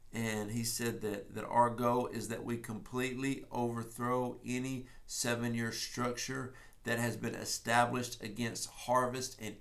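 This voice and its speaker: With a mid-range, fairly bright voice, a Texan man preaches a prophetic message, interspersing casual storytelling. He speaks in a Texan accent, in a folksy, emphatic way, his pace quickening and easing.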